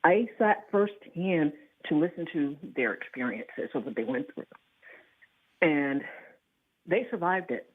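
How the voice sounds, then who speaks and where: Low-voiced woman caller on a phone line. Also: expressive, slightly rough. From Alabama, US. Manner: earnest, halting. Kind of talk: call-in radio.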